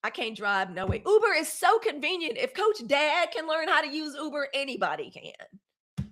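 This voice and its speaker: A woman's voice: high voice, moderate pace. Chatty fifty-something Southern woman hosting a live stream. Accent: Southern US, Mississippi. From Mississippi, US. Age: 50s. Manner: chatty, animated, talks straight to her viewers. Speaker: live news show host. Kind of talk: casual live-stream news chat.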